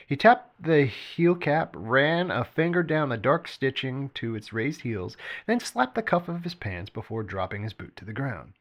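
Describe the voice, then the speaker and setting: A man reading his own story aloud as narrator, expressive, with occasional slips and restarts. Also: mid-range voice, a little slow, few pauses, muffled recording.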